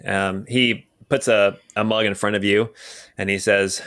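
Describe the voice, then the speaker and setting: A young man narrating as game master in a tabletop game, playful and quick to laugh. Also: fairly low pitch, flat delivery, fairly bright tone.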